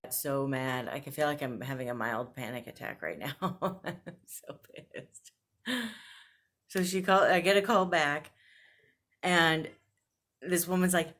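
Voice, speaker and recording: A woman's voice: sits low, unhurried, fairly bright tone. A woman vlogger venting to camera, blunt and frustrated, laughing between complaints. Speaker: fashion subscription box vlogger.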